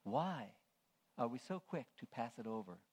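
A man preaching a sermon. He swings between hushed, low asides and loud, proclaiming calls to the congregation. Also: sing-song, normal speed, slightly rough.

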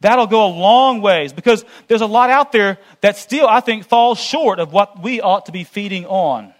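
Man, high-pitched voice, earnest, cautionary church talk, conversational sermon. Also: moderate pace. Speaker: church speaker.

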